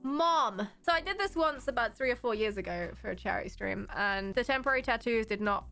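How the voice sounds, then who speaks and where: Bubbly young woman streaming, high bright voice, jokey and self-mocking, laughs a lot. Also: animated, fast, vocal fry, soft background music. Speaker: streamer hosting a charity stream. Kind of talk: casual livestream chat.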